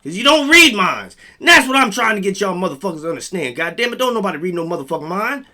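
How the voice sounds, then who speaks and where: Man, high-pitched voice, very bright and sharp tone, blunt, swears a lot, profane commentary. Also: very animated, fast. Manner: reads text aloud and breaks off into rants. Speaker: vlog host.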